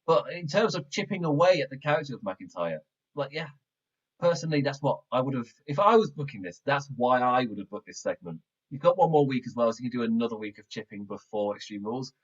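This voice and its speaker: A man hosting a podcast in a casual, rambling way, excitable and often breaking into laughter. His voice sits in a middle register. The sound is muffled and lo-fi, as if caught on a backup mic. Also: mid-range voice, quick pace, slightly rough. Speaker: wrestling podcast host. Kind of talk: casual show review.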